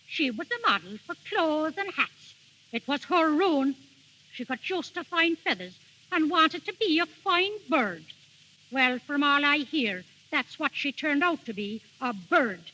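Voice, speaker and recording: A woman's voice: high-pitched, animated, a little slow, pushed and bright, full character voice, poor audio. An actress playing a strict, scolding older mother in a 1940s radio drama. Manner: scolding, dismissive.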